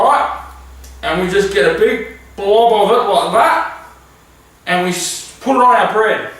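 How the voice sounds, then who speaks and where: A high, sing-song voice of a childish man-child cook, as a man puts him on, explaining each step slowly and earnestly. It is recorded far from the mic in a very echoey room. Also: a bit bright. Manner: slow, earnest, demonstrative kitchen-show explaining. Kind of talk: parody cooking segment.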